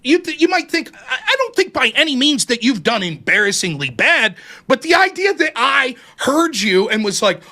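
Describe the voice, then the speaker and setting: Man, very high voice, bright and sharp tone, lively swinging pitch, heated online debate, defensive, profane, home streaming setup. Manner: defensive and profane, fast restarts.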